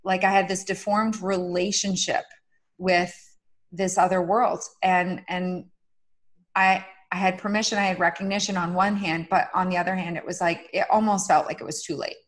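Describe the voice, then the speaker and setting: A woman's voice: fairly low pitch, little pitch movement, moderate pace. Earnest confessional woman guest. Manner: earnest, confessional, uses many fillers. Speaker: podcast guest. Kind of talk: candid personal interview.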